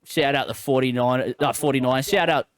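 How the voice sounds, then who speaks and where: A man's voice: medium pitch, normal speed, smooth, no echo, clean studio sound. A man hosting a casual sports podcast, joking and laughing often. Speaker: podcast host.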